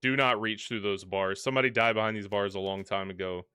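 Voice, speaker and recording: A man livestreaming a horror game, talking in a loose, jokey way and coaxing the characters on screen. His voice is bright and smooth. The sound is close and dry, with no room around it. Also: lowish voice, fairly even intonation, brisk, dry recording. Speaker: gaming livestream host. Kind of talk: casual live commentary.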